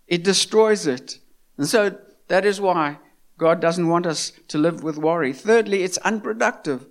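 A man's voice: high-pitched, measured pace. A man preaching a sermon in an earnest, repetitive manner, full of rhetorical questions and stumbling restarts.

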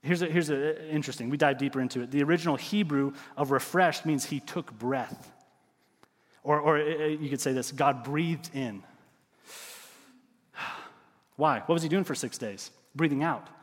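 A middle-aged man preaching a sermon, telling stories with lively swings and dropping to quiet emphasis. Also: on the high side, normal speed, long pauses, in a large hall. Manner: animated storytelling, drops to quiet emphasis. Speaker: pastor.

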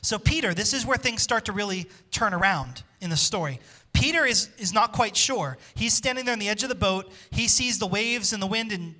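A man preaching a sermon as pastor, impassioned, dropping to a hush when quoting scripture. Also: sits high, expressive, brisk.

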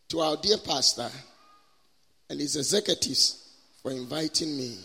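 A man preaching with great passion, his voice high, bright and swooping widely from phrase to phrase. He draws his words out slowly in a stretched preaching cadence. The sound carries a long reverb from a large church hall. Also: animated, gravelly, husky. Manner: impassioned, drawn-out preaching cadence. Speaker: guest preacher. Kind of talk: sermon with prayer and call-and-response.

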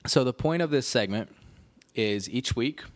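A man hosts a podcast and tells a story in a loose, self-deprecating ramble, stopping and restarting his sentences. His voice sits at an ordinary middle pitch. The recording is dry and close, with no room sound. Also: animated, a little slow, no echo. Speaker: podcast host. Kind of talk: casual storytelling monologue.

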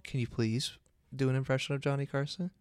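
A man's voice: mid-range voice, fairly even intonation, fairly quick, darkish tone, clean tone, no echo, clean studio sound. Playful teasing man co-hosting a podcast. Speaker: podcast co-host. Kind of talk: casual podcast chat.

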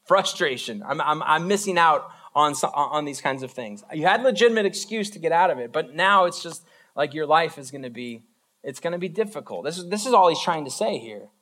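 A man's voice: on the high side, expressive, pushed and bright. A man, a pastor, giving an informal, conversational sermon built on everyday examples. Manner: informal, talks through everyday examples, acts out quick voices.

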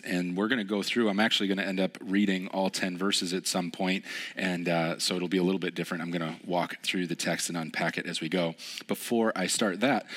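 A young man preaching a relaxed, conversational sermon, telling stories with lots of fillers. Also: low-pitched. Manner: casual, storytelling, many fillers. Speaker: pastor.

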